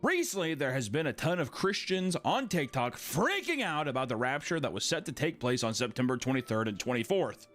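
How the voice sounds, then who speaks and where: Lively jokey male narrator, music under him. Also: medium pitch, a little fast, few pauses. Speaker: YouTube video narrator. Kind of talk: scripted commentary video narration.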